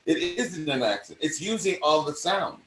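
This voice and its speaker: An older man with a mid-Atlantic accent, an acting coach hosting a conversation and talking in an animated way that often restarts and repeats phrases. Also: fairly high pitch, moderate pace, a little hiss or hum. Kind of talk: casual conversation. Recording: roomy sound from a distant mic.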